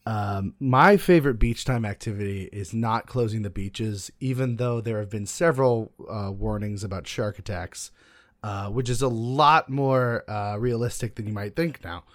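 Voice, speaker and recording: Man player, lowish voice, dry close sound, deadpan hesitant humor. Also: normal speed, dry recording. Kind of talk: casual tabletop banter.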